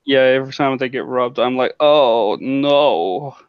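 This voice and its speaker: A goofy man jokes about himself as a guest in casual stream chat. His voice sits at a mid pitch and comes through dull and lo-fi. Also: completely flat delivery, fast, smooth. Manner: goofy, self-mocking. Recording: dull lo-fi sound.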